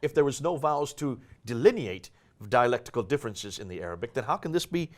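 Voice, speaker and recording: A man's voice: medium pitch, animated, fast. A man hosting a discussion show, reading passages aloud and questioning his guest. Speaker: host.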